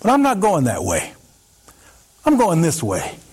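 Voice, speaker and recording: A man doing a mysterious roadside driver with a gentle, coaxing voice that climbs and dips a lot as he talks. He sounds earnest and easygoing, like a quiet healer trying to win someone over in a spoken story. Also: a little high, huge pitch swings, a little slow, breathy edge, pitched above the performer's own voice, exaggerated voice. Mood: friendly coaxing.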